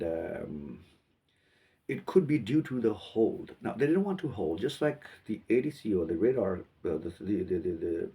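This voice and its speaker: A man from Pakistan, giving halting commentary on a video and repeating words as he thinks. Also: fairly low pitch, dark tone, slightly rough, recorded from a distance.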